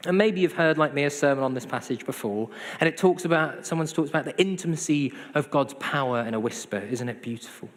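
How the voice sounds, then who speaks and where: A man's voice: a little high, fast, hardly any pauses. A man preaching a sermon, conversational with self-deprecating humor. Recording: hall reverb.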